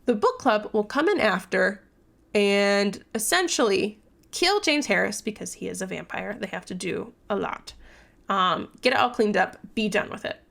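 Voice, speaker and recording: A young woman vlogs a casual book recap, rambling and cursing freely. Her mid-pitched voice has a strong gravelly fry. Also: animated, normal speed, fairly bright tone. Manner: chatty, rambling, profane, many fillers. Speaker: book vlogger.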